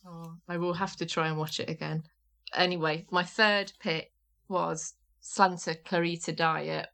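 A woman co-hosts a relaxed podcast in a low voice. She chats agreeably, giving short replies and thoughtful asides. Her tone stays easygoing. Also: measured pace, creaky. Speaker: podcast co-host. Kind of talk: casual podcast chat.

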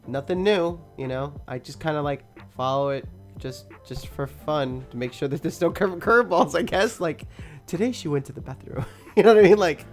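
A woman's voice: deep voice, normal speed, soft background music. A young woman hosting a podcast, telling a story casually with lots of swearing and laughter. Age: young adult. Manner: animated, swears a lot, laughs often. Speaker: podcast host.

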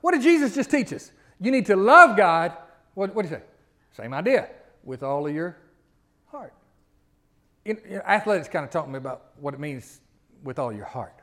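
A middle-aged male pastor preaching a sermon in a conversational way, asking the congregation rhetorical questions and building to loud emphatic peaks. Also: sits high, very animated, normal speed, long pauses.

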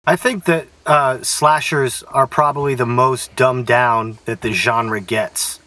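Brief: male podcast co-host, bright tense tone, set back from the mic. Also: mid-range voice, steady tone, slow, no room sound, distant mic. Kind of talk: casual film discussion.

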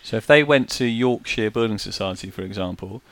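A man co-hosting a podcast, asking measured, probing interview questions. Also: on the low side, fairly bright tone, no room sound.

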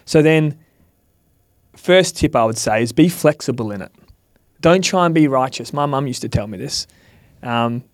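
A man's voice: mid-range voice, animated, moderate pace, long pauses, no room sound, clean studio sound. A man on a podcast giving candid, earnest advice, swearing now and then and acting out quoted lines. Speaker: podcast guest, mentor. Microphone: studio mic.

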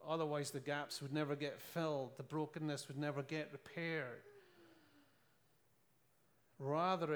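Scottish male preacher, earnest storyteller, slightly higher voice. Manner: earnest, storytelling, with rhetorical questions and laughs. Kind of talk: sermon.

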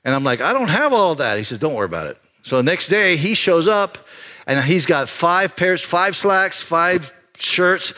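A man preaching a sermon as pastor, telling a personal story in an animated way with frequent restarts. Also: mid-range voice.

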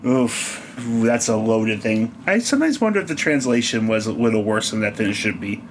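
Male co-host, mid-pitched, wry and laughing, faint hum underneath. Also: animated, normal speed. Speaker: podcast co-host. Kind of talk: casual gaming chat.

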